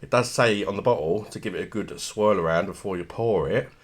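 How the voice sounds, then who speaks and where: A man's voice: sits low, a little fast, breathy edge. A man, chatting casually through a beer review and tagging on rhetorical questions.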